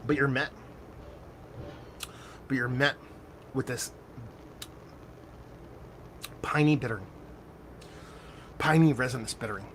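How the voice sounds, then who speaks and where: A man giving a casual, animated beer tasting review, excitable and self-mocking, with loose cursing. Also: mid-range voice, moderate pace, long pauses, a little hiss or hum.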